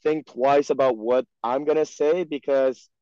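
A man's voice: medium pitch, steady tone, measured pace, mellow, dry recording. French Canadian man, rambling casual chat. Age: young adult. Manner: rambling, heavy on "like" and "you know". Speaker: guest, pro hockey player. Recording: dry, dull lo-fi sound.

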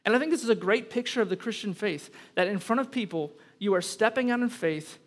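A man's voice: high voice, a little fast. A man pastor preaching a sermon, reading scripture and then making emphatic points with conversational asides to the congregation. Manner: emphatic, rising to loud peaks on key points.

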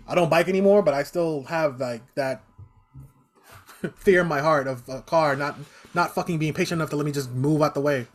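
A man telling stories in casual, profane chat, animated and laughing often. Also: fairly high pitch, brisk.

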